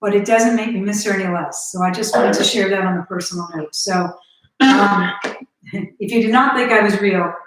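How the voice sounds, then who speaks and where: A woman's voice: mid-range voice, normal speed, a bit bright, slight background noise. A woman ghost hunter in a live stream, earnestly asking questions and talking straight to her viewers. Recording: very echoey, distant from the mic.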